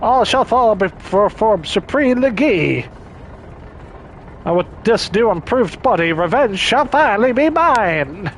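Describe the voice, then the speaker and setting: A vengeful mad-scientist villain in a game, slow and pompous with a menacing drawl, as a man puts him on. Every line drips with self-importance. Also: high-pitched, animated, a little hiss or hum. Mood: gloating.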